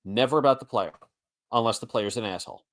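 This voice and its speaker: A man's voice: medium pitch, fast talker. A man in his forties co-hosting a sports podcast, blunt and wry in casual chat. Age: 40s. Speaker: podcast co-host.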